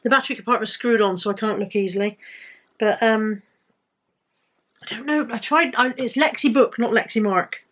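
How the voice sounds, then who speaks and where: A woman's voice: a little high, moderate pace, pauses often, a bit bright. A British woman vlogging casually about items she bought to resell, chatty and rambling with self-corrections. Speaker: resale vlogger. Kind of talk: casual haul vlog.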